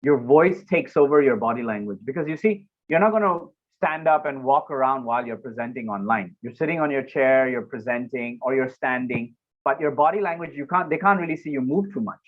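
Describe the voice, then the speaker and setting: A man, a public speaking coach, talking casually in an interview and acting out moments with sudden loud exclamations. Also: medium pitch, lively intonation, brisk, few pauses, narrow, tinny audio.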